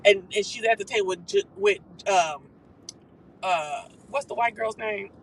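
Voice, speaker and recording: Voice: medium pitch, slight background noise, rough recording. A live-stream host giving a casual, profane gossip recap while driving a car. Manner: animated, profane, quick-talking.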